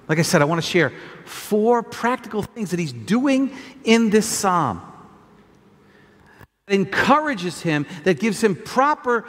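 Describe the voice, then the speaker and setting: A man preaching a sermon as a pastor, stumbling over repeated words, shouting at times and reading scripture quietly at others. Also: high-pitched, big pitch swings, measured pace, long reverb tail.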